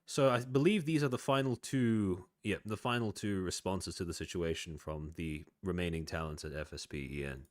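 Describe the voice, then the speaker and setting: Reaction host, male, deep and dry, casual with halting restarts. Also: dry recording. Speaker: commentary host reacting to clips.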